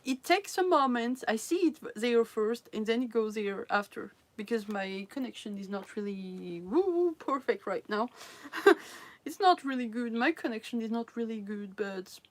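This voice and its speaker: A woman with a fairly high voice and lively intonation chats with viewers on a livestream at a moderate pace. Native in French, she laughs frequently between phrases and hesitantly restarts sentences while reaching for English words.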